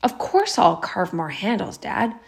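A woman's voice: medium pitch, very animated, measured pace, gravelly. A woman reading a storybook, voicing an earnest, eager young male woodcarver talking to his father. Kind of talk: storybook narration.

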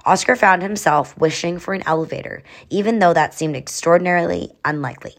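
Woman reading a kids story aloud, lowish voice, chatty little asides. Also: fairly quick. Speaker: narrator. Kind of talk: storybook narration.

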